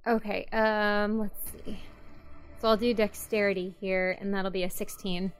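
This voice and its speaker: A woman's voice: mid-range voice, flat delivery, unhurried, smooth. Easygoing woman playing a tabletop game. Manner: easygoing, thinks aloud with fillers. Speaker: player. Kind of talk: casual tabletop game chat.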